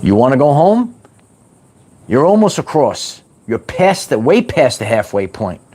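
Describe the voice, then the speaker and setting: A middle-aged man talks straight to his livestream chat in a loose motivational style. He is playful and repeats himself, and he stretches out words like "baby". His pitch swings up and down a lot. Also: measured pace. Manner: animated, repetitive, playful, drawls words like "baby". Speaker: host of a spiritual wellness livestream.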